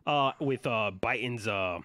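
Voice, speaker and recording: A man hosting a casual live podcast, joking and hyped as he shouts out viewers, sounding a little fatigued. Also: medium pitch, measured pace, no echo, clean studio sound. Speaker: podcast host.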